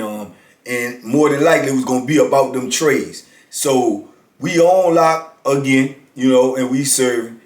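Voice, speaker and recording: Slangy man telling a story, echoey. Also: medium pitch. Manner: slangy, loose, frequent "you know what I'm saying". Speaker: channel host telling stories. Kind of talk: casual storytelling. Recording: roomy echo.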